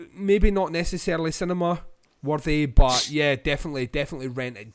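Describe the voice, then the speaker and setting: A Scottish man co-hosting a podcast, giving a rambling film review full of ums and pauses. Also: mid-range voice, dry recording. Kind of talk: casual film review chat.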